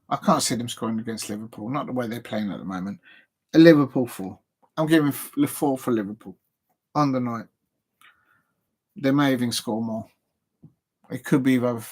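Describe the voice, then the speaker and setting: A man's voice: mid-range voice, animated, moderate pace, pauses often. A man from England hosting a live football show, casually rambling through match predictions and chatting to his viewers. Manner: rambling, self-deprecating, talks to viewers.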